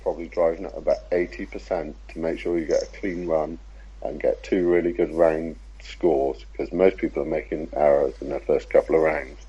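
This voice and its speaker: A man, a podcast guest talking casually about racing in a measured, laid-back way with frequent fillers. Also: extremely low pitch, steady tone, warm tone, husky, dull audio. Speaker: podcast guest, RC car racer.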